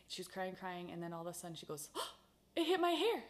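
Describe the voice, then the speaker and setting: A woman chatting casually at a kitchen table, spinning lively ranch stories with frequent laughter. Her voice sits at a middle pitch, and she talks in an easy conversational way with her sister. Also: fast talker. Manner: animated storyteller, laughs often. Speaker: podcast host.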